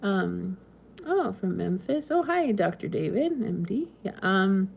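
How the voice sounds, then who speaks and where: A woman's voice: medium pitch, big pitch swings, slow pace, vocal fry, a little mellow, slight background noise. A woman from the West Coast hosting a casual live stream, chatting and reading viewer comments in a meandering way with frequent ums and small laughs. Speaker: homesteading channel host.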